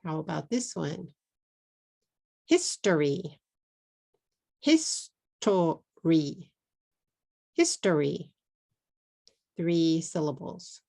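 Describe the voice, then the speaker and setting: A Texan woman gives an English pronunciation lesson at a very unhurried pace. Her voice sits a bit low and has a gravelly edge. She repeats each word with care and mixes in simple Japanese words. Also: expressive, dark tone. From Texas. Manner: drills words slowly and repeats them clearly. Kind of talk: slow, deliberate pronunciation lesson.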